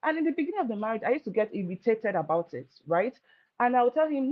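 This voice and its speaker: Woman giving lively marriage advice. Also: on the high side, fast. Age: adult, married. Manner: lively storytelling, acting out quoted voices. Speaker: marriage speaker. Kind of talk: informal advice talk. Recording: dull lo-fi sound.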